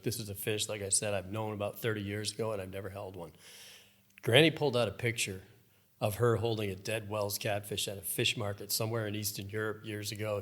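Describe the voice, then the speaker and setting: Man in his fifties, lowish voice, lively storyteller, casual podcast chat. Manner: storytelling, animated, acts out voices. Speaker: guest, professional fly fishing angler.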